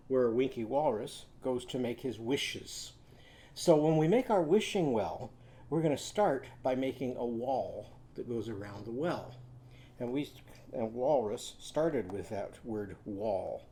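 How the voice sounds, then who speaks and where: A man teaching young children a drawing and phonics lesson, giving slow, patient step-by-step instructions. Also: mid-range voice, mellow, slight background noise.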